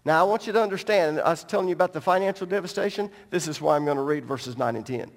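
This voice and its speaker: High-pitched guy preaching hard in a big echoey church, jokey and emphatic. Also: quick pace, creaky. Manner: emphatic, animated preaching with joking asides. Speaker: pastor. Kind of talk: sermon. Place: large church sanctuary. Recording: long reverb of a large hall.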